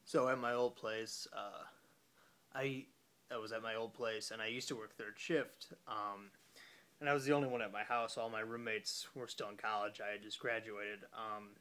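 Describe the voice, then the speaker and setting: A young man telling a story casually into his phone after a few beers, rambling and halting with many fillers and curses. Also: on the low side, fairly even intonation, bright, forceful tone. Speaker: vlogger.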